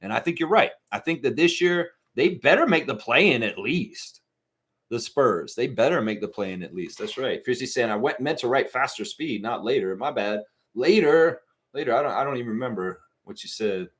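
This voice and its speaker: His mid-range voice is slightly rough and his speed normal. Hosting a live stream, the man chats casually, reads and replies to viewer chat, and animatedly swings into mocking impressions and shouts.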